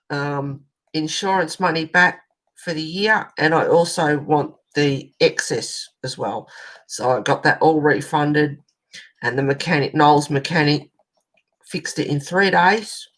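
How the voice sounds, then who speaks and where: A woman's voice: low-pitched, slow, poor audio. An Australian woman hosting a colouring channel, telling a long rambling story in casual chat as she colours, swearing now and then.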